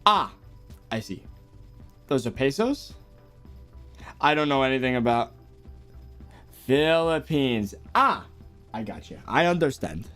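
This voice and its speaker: A man's voice: mid-range voice, slow, pauses often, soft background music. A young American man chatting casually on a live stream, answering viewer messages with frequent chuckles. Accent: General American. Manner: laid-back, chuckles often, lively up-and-down delivery.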